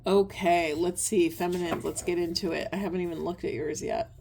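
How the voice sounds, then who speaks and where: Mellow-voiced woman giving a spiritual card reading. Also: on the low side, fairly even intonation, a little fast, vocal fry, slight background noise. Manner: soft, earnest, meandering with many ums. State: tearful at times. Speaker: tarot and oracle reader.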